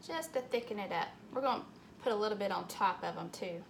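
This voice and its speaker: A woman's voice: medium pitch, quick pace, gravelly. Woman, cooking host, casual recipe demo, matter-of-fact, faint room noise.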